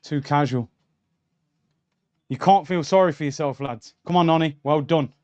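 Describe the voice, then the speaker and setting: Over dull audio from a streaming mic, a young man speaks at normal speed in a slightly high, somewhat mellow voice. He's doing live watchalong commentary on a football match, reacting heatedly and calling viewers lads and bro.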